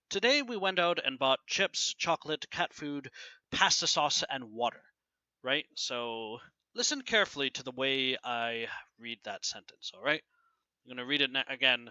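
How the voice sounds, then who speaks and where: A man teaching a grammar lesson, often asking "right?" and reading example sentences aloud with clear pauses. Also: mid-range voice, pushed and bright, no echo, dull audio. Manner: keeps asking "right?" to check understanding. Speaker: English teacher.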